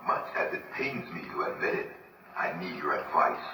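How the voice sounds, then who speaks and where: A man's voice: a bass voice, animated, normal speed, recorded from a distance. An actor playing a grim, determined male hero who speaks in a terse, curt way in a video game. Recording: echoey game audio with noise.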